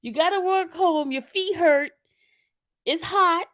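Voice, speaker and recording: A woman commentating casually to her viewers, animated and laughing often, calling them y'all. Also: very high voice, takes it slowly. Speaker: commentary channel host.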